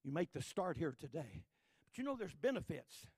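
A man from Texas, preaching a sermon with folksy stories and building to loud, repetitive crescendos. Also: on the high side, big pitch swings, normal speed, breathy edge, dry recording, clean studio sound. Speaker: pastor.

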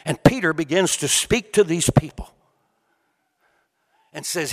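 A male preacher with a high, ringing voice delivers his sermon in a rolling, sing-song cadence. He climbs to shouted peaks, then sinks to near-whispered lines. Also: unhurried, in a large hall. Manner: swings from shouted peaks to hushed quiet delivery.

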